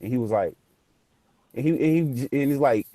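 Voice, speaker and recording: A man tells a ghost story casually, animated and profane, acting out the voices. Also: mid-range voice, fairly quick, no room sound. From Memphis area, US South. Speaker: guest telling a ghost story.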